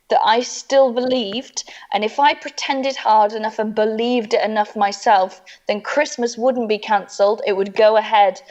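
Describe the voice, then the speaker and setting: A woman comedian telling a funny personal story, animated and laughing through it, acting out the voices of the people in it. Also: medium pitch, dull audio. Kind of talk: comic storytelling.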